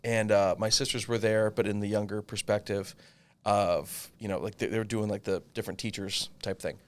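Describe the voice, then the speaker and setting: A man in his thirties telling a long personal story in casual chat, animated and swearing freely. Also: on the low side, brisk. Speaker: podcast co-host.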